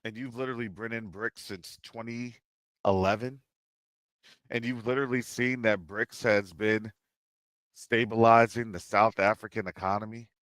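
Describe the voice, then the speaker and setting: A man's voice: lowish voice, fairly even intonation, moderate pace, a bit bright, no room sound. A man hosting a discussion show, giving political commentary with a run of rhetorical questions. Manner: rhetorical, repeats questions, drops into asides. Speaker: show host.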